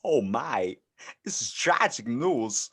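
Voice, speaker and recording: A man doing a slow, halting impression of a famous actor, with oddly stressed words. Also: mid-range voice, big pitch swings, a bit bright, slightly rough, full character voice. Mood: mock tragic.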